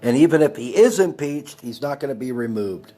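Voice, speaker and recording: A man's voice: medium pitch, expressive, a little fast, mellow. A man in his forties from Texas, hosting a heated, profane rant on his live stream. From El Paso, Texas. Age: 40s. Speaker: livestream host.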